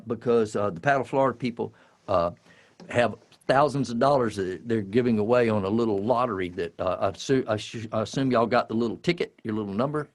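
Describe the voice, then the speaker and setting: A singer-songwriter chatting casually to a live audience between songs, rambling and restarting his sentences. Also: lowish voice. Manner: rambling, halting, full of restarts. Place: live concert venue.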